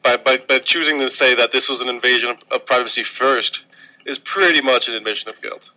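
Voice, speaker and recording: A man's voice: medium pitch, fairly quick, sharp tone, low-quality recording. A young man co-hosting a casual radio show, stammering through restarts and joking with a straight face.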